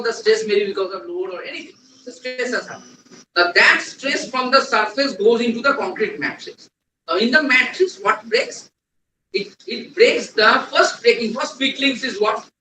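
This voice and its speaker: Recorded from a distance in an echoey lecture hall with background noise, this male trainer has a very high voice. He delivers a classroom lecture on a technical subject, quizzing the room and going back over key points.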